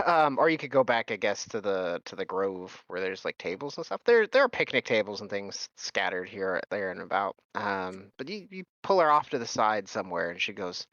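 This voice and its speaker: A man narrating as game master, talking haltingly with many fillers. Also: fairly low pitch, very animated, a bit bright, dry recording, dull audio.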